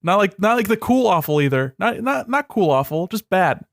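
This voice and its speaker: A young man co-hosting a podcast, sardonic and profane, often dropping into a low, dismissive mutter. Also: sing-song, normal speed, vocal fry, dry recording, studio quality. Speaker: podcast co-host. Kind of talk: casual chat.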